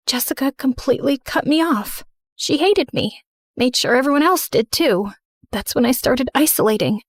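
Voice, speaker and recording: A woman's voice: high voice, no room sound, clean studio sound. A woman narrating a dramatic first-person story in an earnest storytelling manner.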